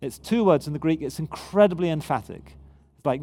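A man's voice: fairly high pitch, a little fast, warm tone. A man preaching a sermon in a conversational yet emphatic way. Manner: conversational, emphatic, with frequent restarts.

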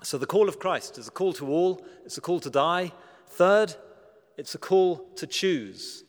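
A man preaching a sermon, earnest and emphatic, slowing down to stress key words and asking rhetorical questions with dry humor. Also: sits high, animated. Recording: long reverb of a large hall.

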